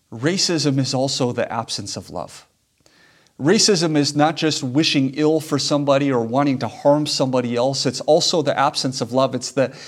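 A man preaching a sermon as a pastor, earnest and emphatic, repeating key lines for weight. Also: mid-range voice.

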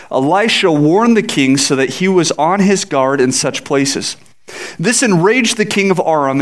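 Pastor, male, high-pitched, animated sermon delivery with acted-out voices. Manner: animated preaching, acts out voices in scripture.

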